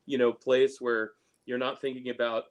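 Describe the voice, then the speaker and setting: A man hosting a casual chat over a video call, talking in halting stops and repeated words. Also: mid-range voice, flat delivery.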